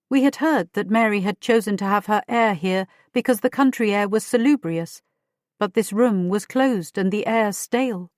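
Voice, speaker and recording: A woman reads a first-person audiobook in a measured storytelling manner. Her voice is mid-pitched, recorded dry and close. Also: a little mellow, dry recording. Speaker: audiobook narrator.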